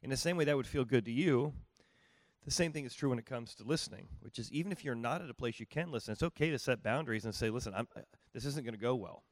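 A man's voice: mid-range voice, fast talker, no room sound. A middle-aged man, a pastor, teaching on marriage and listening in a folksy, conversational way, often asking his listeners whether it makes sense. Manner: conversational, folksy, asks the audience rhetorical questions.

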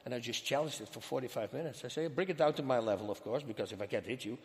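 Animated Dutch man telling a story. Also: medium pitch, rapid-fire. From Netherlands. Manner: animated, acts out quoted dialogue. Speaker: interview guest. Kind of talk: storytelling in a sit-down interview. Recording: long hall reverb.

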